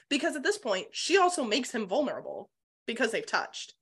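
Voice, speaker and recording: A woman co-hosting a casual book-club podcast, retelling the plot in an animated way and swearing freely. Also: a little high, moderate pace, husky. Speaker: podcast co-host.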